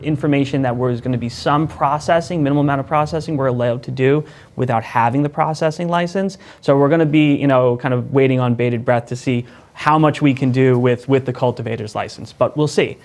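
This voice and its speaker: A man, a guest in an interview, explaining rules in a measured, methodical way with frequent "you know" and "right?". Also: mid-range voice. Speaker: cannabis licensing lawyer, guest.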